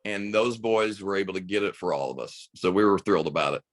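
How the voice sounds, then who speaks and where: An enthusiastic middle-aged American man with a lowish voice, a high school coach telling stories on a podcast. His voice sounds close and dry. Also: animated, fast, no room sound. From United States. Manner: enthusiastic, reflective storyteller. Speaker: high school basketball coach and radio broadcaster. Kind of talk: podcast interview, telling a story.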